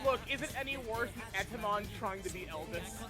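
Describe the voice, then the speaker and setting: A woman's voice: medium pitch, brisk, over music. A woman joining a game stream, chatting casually and riffing on silly jokes. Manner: animated, jokey, riffs on silly ideas. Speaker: co-op guest on a stream.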